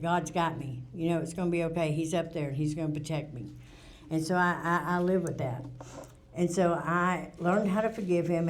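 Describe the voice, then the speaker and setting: A middle-aged woman with a drawl shares her recovery story at a meeting. Her voice sits fairly low, and she speaks candidly and plainly, often restarting her sentences. Faint room ambience sits behind her. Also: a little mellow, slight background noise. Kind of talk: personal testimony at a recovery meeting.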